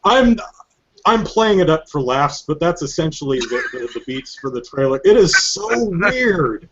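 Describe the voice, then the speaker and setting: Animated joking male podcast host. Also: fairly high pitch, moderate pace, highs cut off. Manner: animated, joking storytelling with frequent laughs. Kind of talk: casual chat.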